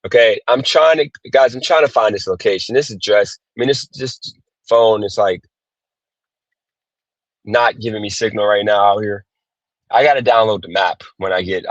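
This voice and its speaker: A man's voice: fairly low pitch, no echo. Male streamer, exasperated and profane, dull dry phone sound. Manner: cursing, exasperated, repeats himself. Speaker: gig worker livestreaming. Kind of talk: frustrated live-stream rant.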